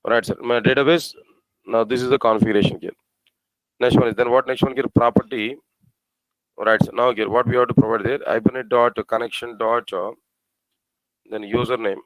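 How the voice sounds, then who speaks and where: A programming teacher with a middle-pitched, fairly even voice leads a live coding lesson, asking his class rhetorical questions and repeating phrases. He spells out the code slowly, piece by piece. The recording is close, dry and rough, with no room sound.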